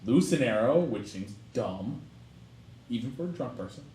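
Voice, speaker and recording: A man's voice: medium pitch, lively intonation, normal speed, mellow. A man playing a tabletop game, rambling as he describes what his character does. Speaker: player. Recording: roomy, distant mic with faint noise.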